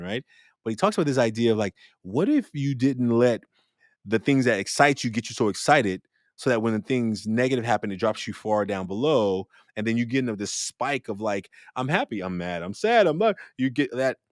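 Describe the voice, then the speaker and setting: A man hosting a podcast, telling stories in a reflective, animated way and often checking in with "right?". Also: lowish voice, no room sound, clean studio sound. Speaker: podcast host. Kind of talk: casual interview chat.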